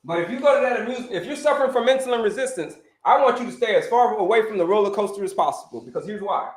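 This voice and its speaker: A man's voice: high voice, quick pace. A man who grew up in Florida, hosting a casual live stream as a health coach, talking energetically, repeating himself and calling out to viewers. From Orlando, Florida. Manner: energetic, repetitive, calls out to viewers. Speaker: health coach and livestream host. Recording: echoey room.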